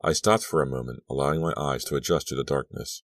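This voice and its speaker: A man reading an audiobook aloud as first-person narration, steady and measured. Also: very deep voice, no room sound. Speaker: audiobook reader.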